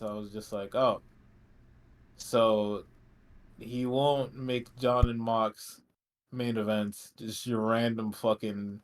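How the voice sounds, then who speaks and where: Man ranting sarcastically on a podcast. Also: medium pitch. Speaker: podcast co-host. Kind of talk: casual wrestling podcast chat.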